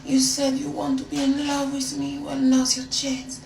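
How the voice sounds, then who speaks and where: A woman's voice: sits high, monotone, moderate pace, creaky, a little mellow, reverberant, distant mic, slight background noise, pitched above the performer's own voice. A woman voicing a flirty woman who fakes a French accent, sweetly coaxing and calling her date darling. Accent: fake French.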